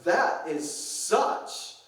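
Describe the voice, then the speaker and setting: A man putting on the voice of a dramatic teenage girl who overplays everything, breathless and drawn-out, full of "like". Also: high-pitched, very animated, fairly bright tone, pitched above the performer's own voice, full character voice. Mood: theatrical. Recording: echoey hall from a distance.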